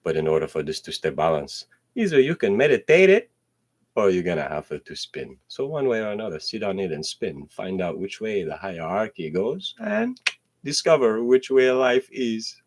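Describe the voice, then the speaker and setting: On his own solo show, a man rambles through a foul-mouthed, stream-of-consciousness monologue that drifts into half-rapped verses. He lurches between loud outbursts and quiet mutters, very animated and at a moderate pace.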